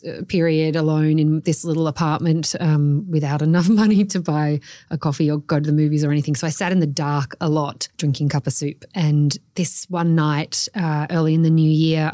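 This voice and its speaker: Woman author as podcast guest, reflective storyteller, low-pitched voice, dry close sound. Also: dark tone, dry recording. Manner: candid, reflective, self-deprecating. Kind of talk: storytelling in casual conversation.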